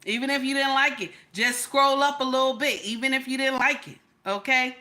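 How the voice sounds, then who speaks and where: Middle-aged woman, bright and high-ish, easy livestream-host banter full of "okay?" and "baby.". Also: fairly even intonation, a little fast. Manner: chatty, greets viewers by name, repeats "okay?" and "baby". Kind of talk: casual live chat.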